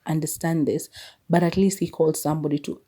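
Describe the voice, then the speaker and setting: A woman's voice: sits low, fairly even intonation, fast talker, dark tone. A young woman hosting her own podcast, chatting casually and animatedly, laughing often and slipping between English and Swahili. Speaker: podcast host. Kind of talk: casual solo podcast chat.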